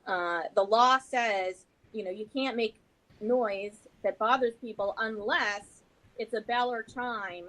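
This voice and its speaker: A woman's voice: fairly high pitch, slow, a bit bright, low-quality recording. A woman as a podcast guest, chatting in a rambling, self-deprecating way. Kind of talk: casual chat.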